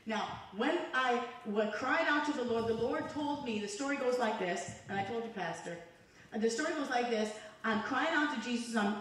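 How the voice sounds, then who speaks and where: Preaching a sermon in a church sanctuary, a woman evangelist speaks fervently and conversationally, drawing the congregation into call-and-response. Her voice is on the high side and a bit bright, at a moderate pace. It's picked up from far off in an echoey church hall.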